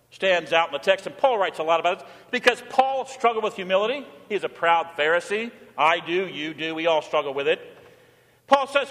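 A man's voice: high-pitched, lively intonation, fairly quick, fairly bright tone. A man preaching a sermon as pastor in a church, jovial and teasing, with rhythmic emphasis. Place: church sanctuary. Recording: reverberant church hall.

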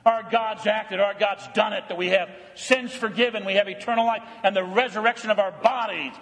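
A man preaching a sermon, swinging between loud, emphatic declarations and soft, hushed tenderness, repeating phrases for emphasis. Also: high-pitched, fairly even intonation, fairly quick, in a large hall. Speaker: pastor. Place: church.

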